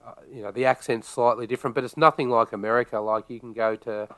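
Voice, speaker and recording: Smooth laid-back Australian man. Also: medium pitch, steady tone, fast talker, a bit bright, dry recording. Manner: laid-back, opens points with "look". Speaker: podcast guest. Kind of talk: casual chat.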